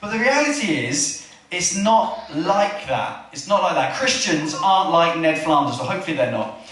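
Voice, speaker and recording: A high-voiced man gives a chatty church sermon and keeps turning to his listeners with questions. He is recorded from far off in a hall with a strong echo. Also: normal speed. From England. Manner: chatty, asks the room questions, animated retelling. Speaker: preacher.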